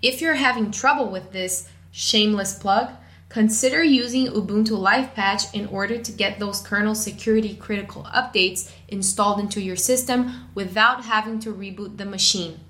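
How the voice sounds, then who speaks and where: A woman narrating a scripted podcast segment in a bright, crisp voice. Her phrasing is clear and measured. The recording has a noticeably roomy echo. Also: medium pitch. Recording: echoey room.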